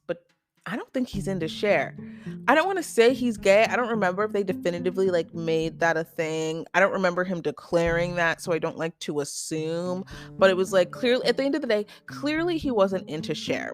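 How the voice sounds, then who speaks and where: A young adult woman hosting a casual solo podcast, chatty and opinionated, full of "like" and quick asides. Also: fairly low pitch. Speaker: podcast host.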